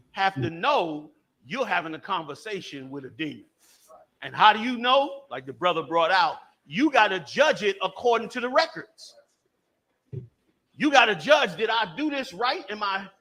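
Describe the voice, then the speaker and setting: A man leads a religious class, his voice sitting high and swinging widely. He presses points by repeating phrases, then throws questions out to the listeners and calls on them. The tone is bright and cutting. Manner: emphatic, repeats key phrases. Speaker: religious teacher. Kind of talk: teaching a class.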